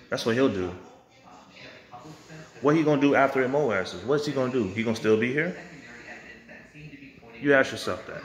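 Speaking at normal speed with frequent pauses, this lowish-voiced man is a vlogger and music producer delivering a heated, profane rant to camera. He gets confrontational and sometimes imitates people in mocking voices.

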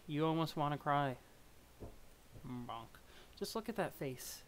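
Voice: medium pitch, animated, takes it slowly. A streamer chatting casually and rambling while reading through a webcomic on a live stream. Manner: rambling, self-deprecating, chatty.

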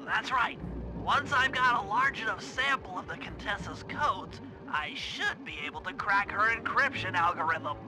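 A man's voice: high-pitched, expressive, moderate pace. An actor voicing a brainy, fussy male turtle tech genius who explains plans patiently step by step, in a video game. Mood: instructing. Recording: game audio over music. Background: game music.

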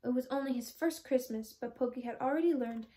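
A teenage girl reading a children's storybook aloud, with clear, expressive storytelling. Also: sits high, a little fast. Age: teens. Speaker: storybook reader.

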